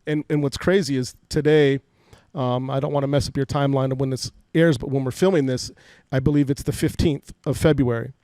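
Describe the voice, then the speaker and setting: A man in his forties from Fresno, California, speaks briskly in a dark, medium-pitched voice with fairly even intonation. He's a podcast guest candidly relating emotional life stories, repeating words often. This personal storytelling interview was recorded on a podcast studio mic with no room sound.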